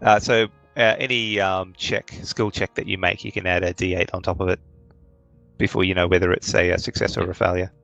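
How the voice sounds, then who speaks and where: A man narrating a tabletop game as game master, with halting speech full of fillers. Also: deep voice, little pitch movement, vocal fry, a bit bright, no room sound, highs cut off, soft background music.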